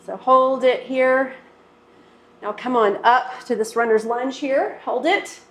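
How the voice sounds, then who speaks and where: Speaking slowly in a steady, high voice, this female instructor guides people through exercises and stretches. She keeps up encouragement and coaching as they move, and the space sounds reverberant.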